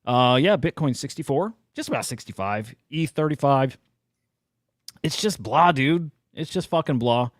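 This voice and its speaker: Excitable, animated male co-host. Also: mid-range voice, a little slow, no room sound, clean studio sound. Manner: excitable, swears freely. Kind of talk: casual chat.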